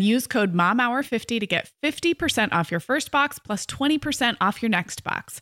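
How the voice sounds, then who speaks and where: A woman's voice: fairly high pitch, animated, moderate pace, hardly any pauses, a bit bright, dry recording, studio quality. A woman in her forties co-hosting a parenting podcast, chatting casually and reading ads in an upbeat, conversational way. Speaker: podcast co-host. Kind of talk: casual chat and ad reads.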